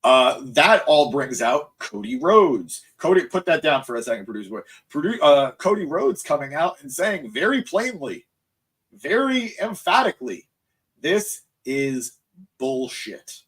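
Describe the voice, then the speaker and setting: A man's voice: on the high side, very animated, normal speed, fairly bright tone. A man hosting a live wrestling recap stream, rambling and easily sidetracked as he reacts to chat, sounding tired. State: tired, voice cracking. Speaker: wrestling show host.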